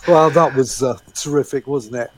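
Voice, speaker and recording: A man's voice: mid-range voice, a little hiss or hum. A man co-hosting a music radio show, chatting with enthusiasm and agreeing readily. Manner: enthusiastic, quick to agree, laughs along. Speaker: radio co-host.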